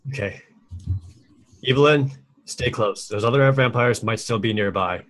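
A man playing in a tabletop game, brisk and quick to exasperation. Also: medium pitch, fairly bright tone. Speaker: player. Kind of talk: casual in-character play.

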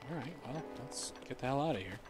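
A man's voice: medium pitch, lively intonation, fast talker, over music. A man casually commenting on his gameplay, joking and talking to himself as he plays. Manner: playful, jokey, talks to himself while playing. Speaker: gaming streamer. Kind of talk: casual let's-play commentary.

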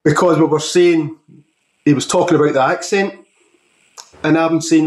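A man hosting a rock talk show, asking questions and telling stories in a relaxed, jokey way. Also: on the high side, moderate pace, long pauses. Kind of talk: casual interview questions. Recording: roomy echo.

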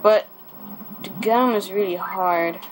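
A man's voice: high voice, background noise. A young man giving casual, rambling commentary as he plays a video game, repeating himself and cursing mildly when things go wrong. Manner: chatty, rambling, restarts often, quick mild cursing. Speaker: let's play gamer. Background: game music.

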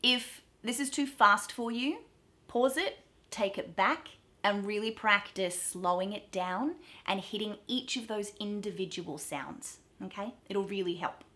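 A young Australian woman teaching pronunciation, drawing out vowel sounds slowly and clearly as she demonstrates them. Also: medium pitch, fairly bright tone. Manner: slow, drawn-out demonstration of sounds. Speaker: accent coach. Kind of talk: pronunciation lesson to camera.

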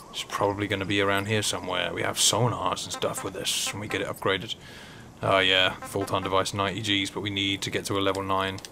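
A man's voice: low voice, creaky, a bit bright. A man giving casual, joking live-stream commentary while he plays and chats to the game's characters. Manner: joking, chatty, talks to the game characters. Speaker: gaming streamer.

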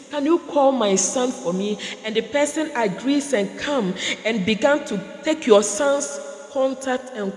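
A woman prophetess preaching a sermon, building through repeated phrases and acted-out dialogue. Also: high voice. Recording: echoey hall with long reverb.

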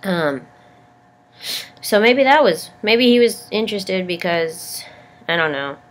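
A woman's voice: mid-range voice, lively intonation, slow. A young woman vlogging casually with a sick, congested voice, rambling and stammering, poking fun at herself. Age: young adult. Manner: rambling, self-deprecating, stammers. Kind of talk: casual vlog chat.

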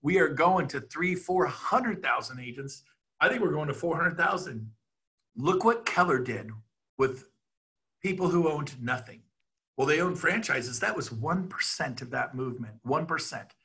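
A middle-aged man giving an excitable, rambling sales pitch over a video call, laughing at himself as he goes. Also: moderate pace, slightly rough. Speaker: real estate team leader.

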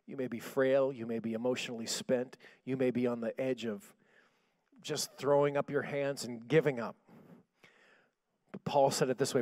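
A pastor preaching a sermon, telling a story in a hushed voice and rising to shouted declarations. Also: male voice, mid-range voice, moderate pace, no room sound.

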